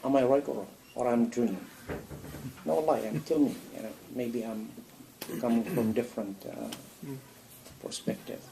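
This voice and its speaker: A man giving a sermon in a mosque, animated and full of rhetorical questions. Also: mid-range voice, moderate pace, gravelly, a little hiss or hum, poor audio. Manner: animated, acts out a dialogue with God, rhetorical questions. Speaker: imam answering a question. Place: mosque hall.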